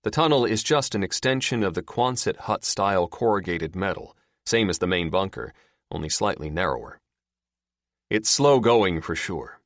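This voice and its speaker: A man reads fiction aloud in a low voice. His pitch moves a lot as he tells the story, and the recording is dry and close. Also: normal speed, dry recording. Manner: expressive storytelling. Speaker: audiobook narrator. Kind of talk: scripted narration.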